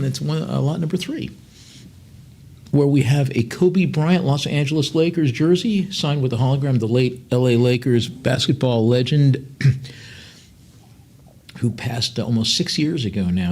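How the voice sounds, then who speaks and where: A man working as an auctioneer, calling bids in a live auction and drifting into chatty asides with lots of fillers. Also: mid-range voice. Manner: chatty, digressive, many fillers between bid calls.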